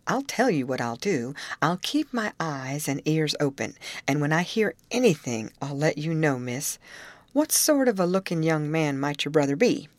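A woman reading aloud, voicing a rough but honest middle-aged male labor contractor in a blunt, folksy way. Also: low-pitched, dry recording.

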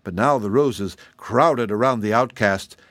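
A man reads a fairy tale aloud in an even, measured storytelling voice. His pitch sits in the middle range. The recording is dry and close, with no room sound. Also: dry recording. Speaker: narrator. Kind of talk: audiobook narration of a fairy tale.

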